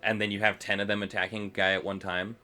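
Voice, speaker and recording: A man's voice: lowish voice, little pitch movement, fast talker, bright, forceful tone. A man narrating as game master of a tabletop game, hesitant with many fillers.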